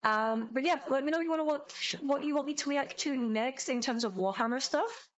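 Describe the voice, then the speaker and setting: A young woman streamer reacting out loud, her voice sitting a little high as she rambles excitably and swears freely. Her casual commentary runs loose and unpolished, with talk that tumbles forward in bursts. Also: a little fast, highs cut off. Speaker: VTuber streamer.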